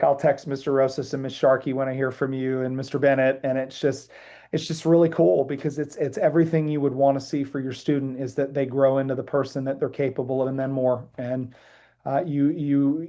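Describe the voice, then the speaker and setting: A middle-aged man, a band director, giving earnest, halting interview answers with many restarts. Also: mid-range voice, level tone, mellow. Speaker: high school band director, guest.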